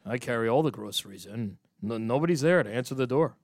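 A man hosting a sports talk show, telling stories in animated, jokey banter and laughing often. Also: medium pitch, fast talker, dry recording, studio quality. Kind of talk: casual banter and storytelling.

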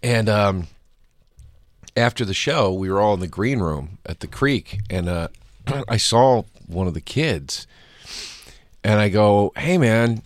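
Animated man telling a story, dry sound. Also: lowish voice, takes it slowly, pauses often, no echo. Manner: animated storyteller, acts out both sides of a story. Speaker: guest comedian. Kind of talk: casual podcast storytelling.

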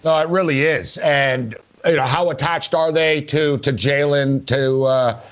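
A male sports show host who talks in a chatty, rambling way and throws in sarcastic jokes. His voice sits a little higher than most men's. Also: steady tone, measured pace, smooth. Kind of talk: casual sports talk.

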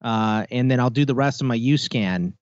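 A man's voice: medium pitch, moderate pace, no echo, dull audio. A man co-hosting a podcast, telling a story in casual chat and acting out the people in it. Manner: animated storytelling with quoted voices. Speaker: podcast co-host.

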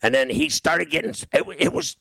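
A man's voice: a little high, lively intonation, a little fast, creaky, pushed and bright. A man hosting a sports radio show, telling a rambling story in casual banter and laughing often. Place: radio studio.

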